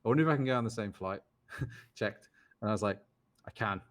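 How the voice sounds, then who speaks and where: British man telling animated poker stories. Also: fairly low pitch, fairly quick. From United Kingdom. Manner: animated anecdotes, quoting others in raised voices. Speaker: guest, poker player. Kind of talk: casual storytelling.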